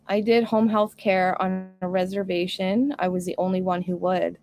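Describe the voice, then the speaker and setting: A woman's voice: lowish voice, little pitch movement, moderate pace, a little mellow, soft background music. A woman hosting a casual live stream, talking earnestly and reading viewer comments aloud. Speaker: homestead live stream host.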